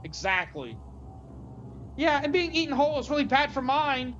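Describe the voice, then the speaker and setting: A woman's voice: sits high, very animated, moderate pace, lo-fi sound, soft background music, voice pushed up. A woman voicing a defiant young woman hostage with a sarcastic, profane way of talking. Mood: incredulous.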